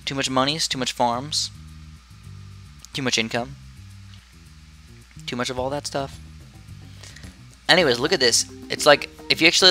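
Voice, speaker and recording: A man's voice: medium pitch, moderate pace, pauses often, bright, forceful tone, soft background music. A man chatting casually into a headset as he plays and comments on a tower defense game from his room, rambling and easily distracted. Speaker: gaming commentator.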